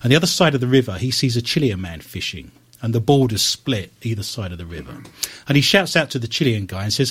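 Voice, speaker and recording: A man's voice: medium pitch, fast talker, breathy edge. A man hosting a radio talk show, telling stories and reading the news with wry asides. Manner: animated storyteller with wry asides.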